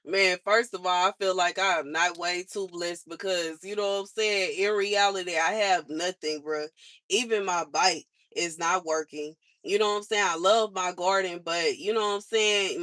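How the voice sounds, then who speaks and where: A woman's voice: fairly low pitch, fairly even intonation, normal speed, fairly bright tone. A young woman venting her frustrations on a livestream in casual, slangy speech, complaining over and over.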